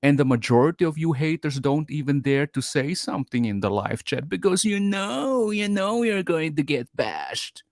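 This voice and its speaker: A man's voice: a little high, very animated, normal speed, hardly any pauses, dry recording, studio quality. A man co-hosting a live stream, delivering an aggressive, taunting, profane rant.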